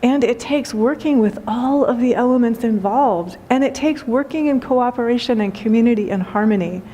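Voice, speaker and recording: A woman's voice: a little high, normal speed, mellow, slight background noise. A woman giving a spiritual talk as teacher, telling a funny story and laughing often.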